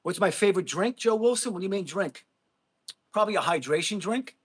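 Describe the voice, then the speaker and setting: Livestream host, New man, husky higher voice, blunt, mocking, quick to laugh. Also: expressive. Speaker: livestream host reading chat. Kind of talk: casual livestream rant. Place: gym.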